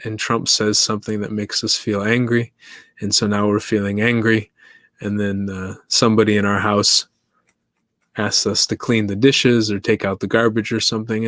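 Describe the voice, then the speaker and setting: A man's voice: fairly low pitch, fairly bright tone, dry recording, clean studio sound. A man hosting his own podcast, talking alone in a loose, musing way, laughing often and putting questions to his listeners. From East Africa. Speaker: podcast host. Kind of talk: casual solo monologue.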